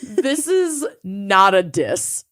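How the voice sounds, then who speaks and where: A woman's voice: medium pitch, sing-song, drawn-out words, a bit bright. A woman co-hosting a casual podcast chat, joking around and laughing often. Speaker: podcast co-host.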